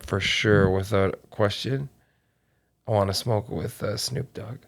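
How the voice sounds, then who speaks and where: A man in his thirties, a comedian guest telling animated stories in casual chat, swearing freely and saying "man" and "dude" a lot. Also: lowish voice, unhurried, gravelly. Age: 30s.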